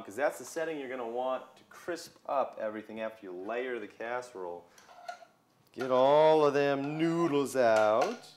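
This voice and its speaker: A man's voice: medium pitch, a little hiss or hum. A young man hosting a casual cooking video in a home kitchen, chatting viewers through each step.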